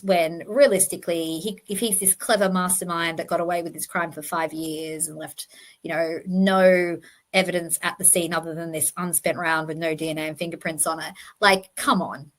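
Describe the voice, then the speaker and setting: A woman's voice: on the low side, a bit bright. A woman hosting a true crime channel, giving emphatic, passionate commentary over slides and correcting herself as she goes.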